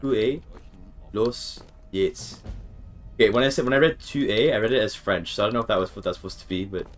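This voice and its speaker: A man's voice: fairly low pitch, rapid-fire, faint music behind. A man streaming a video game, chatting casually with his viewers, swearing and restarting sentences when frustrated. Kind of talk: casual gaming livestream commentary.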